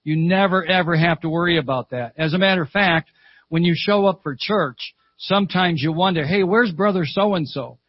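A man's voice: fairly high pitch, brisk, dry recording, muffled recording. An older man preaching a sermon at a church service, telling stories fervently, repeating phrases and calling out "Amen.".

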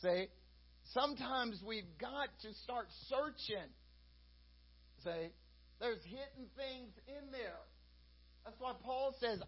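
A high-pitched male preacher with a husky voice delivers a folksy, conversational sermon. He keeps leaning on "you know" as he talks. The recording sounds dull and lo-fi. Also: animated, slow pace, pauses often.

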